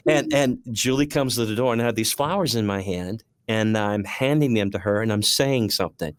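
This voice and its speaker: A man's voice: on the low side, fairly quick, hardly any pauses, dry recording, studio quality. A man co-hosting an interview show, candidly telling a personal story with feeling. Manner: candid, emotional personal anecdote. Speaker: co-host.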